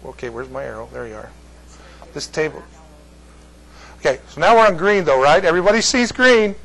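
Male Bible teacher, higher voice, loose and chatty with the class. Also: animated, a little fast, gravelly, a bit bright, poor audio. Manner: chatty, jokey asides to the class.

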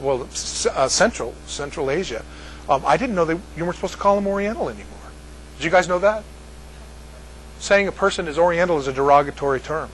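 A man's voice: on the high side, a bit bright, a little hiss or hum, rough recording. An older American man telling a rambling story to a group, repeating words and laughing at his own jokes. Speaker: speaker addressing a group. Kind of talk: casual storytelling.

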